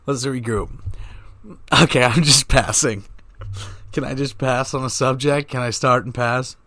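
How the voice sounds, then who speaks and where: A man's voice: medium pitch, fairly even intonation, unhurried, sharp tone, no echo. A man, hosting a podcast in a joking, profane monologue that keeps going off on tangents. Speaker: podcast host. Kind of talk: rambling comedic monologue.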